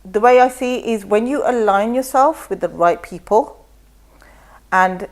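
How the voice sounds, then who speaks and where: Animated woman telling a story. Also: mid-range voice, measured pace. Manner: animated storytelling, acts out quotes. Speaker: talk show guest. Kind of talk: casual chat.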